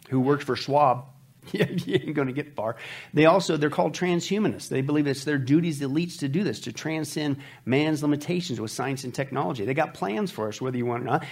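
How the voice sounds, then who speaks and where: A man's voice: mid-range voice, brisk, husky. A man hosting a commentary show, talking in an emphatic, preachy way and addressing his listeners as folks. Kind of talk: opinionated commentary.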